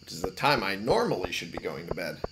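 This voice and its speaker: A man giving casual gameplay commentary, muttering to himself and cursing loudly at the game. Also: low voice, sing-song, fast talker, noisy background. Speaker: let's play gamer.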